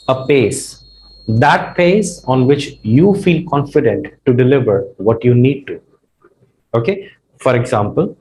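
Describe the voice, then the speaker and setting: A man's voice: mid-range voice, darkish tone, poor audio. A man with a partly Australian accent, giving a spoken English lesson as a tutor in an earnest, conversational way, with frequent "you know" fillers.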